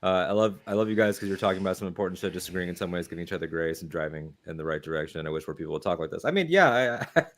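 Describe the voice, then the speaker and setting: A man with a fairly low voice co-hosting a relaxed talk show. He muses aloud in an easygoing way, letting his sentences fade softer at the ends. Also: rapid-fire. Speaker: co-host. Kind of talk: casual livestream chat.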